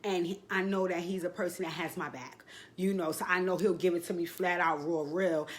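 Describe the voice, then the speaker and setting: A woman's voice: fairly low pitch, steady tone, fairly quick. A woman talking casually to the camera in a personal vlog, speaking emotionally and reflectively, near tears. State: tearful. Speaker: vlogger.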